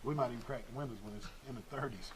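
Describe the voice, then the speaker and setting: A man's voice: medium pitch, rapid-fire, slight background noise, rough recording. A middle-aged man hosting a casual local sports talk show, chatty and folksy as he runs through sponsor plugs.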